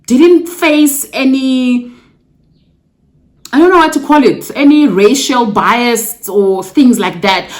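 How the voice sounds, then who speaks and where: A young woman from Africa, telling her own story to camera in a casual vlog. She talks to viewers as guys and drops exclamations like yay and yo. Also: a little high. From South Africa. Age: young adult. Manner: emotional, close to tears at times. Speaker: vlogger.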